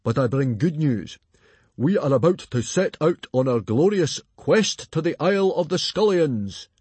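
Man doing a hearty Viking chief, booming, husky, lively, storybook. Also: a little slow, dry recording. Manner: booming, boastful, enthusiastic.

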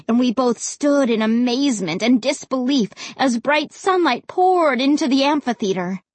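A woman reads a creepy tale with theatrical flair. Her voice sits high and slightly breathy, leaping up and down in pitch as the tension rises. The sound is close and dry. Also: dry recording. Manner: dramatic, voices characters with big pitch jumps. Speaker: audiobook narrator. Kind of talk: expressive audiobook narration.

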